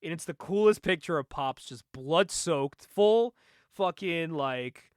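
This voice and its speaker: A young man in casual conversation, excitedly recapping a comic book, laughing often and acting out the lines. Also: fairly high pitch, unhurried, clean tone, dry recording, studio quality. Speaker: podcast co-host.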